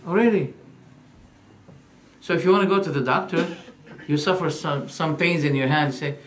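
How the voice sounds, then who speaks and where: A man giving a religious lecture, animated, firing rhetorical questions and acting out quoted dialogues. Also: fairly high pitch, normal speed, pauses often. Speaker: Islamic preacher.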